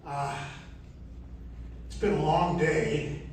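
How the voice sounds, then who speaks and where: An older man, a guest on a convention panel, telling stories from his career in a slow, chuckling, self-deprecating way, a little out of breath. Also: fairly high pitch, little pitch movement. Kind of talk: convention Q&A storytelling. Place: large convention hall. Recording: echoey hall, distant mic, noisy.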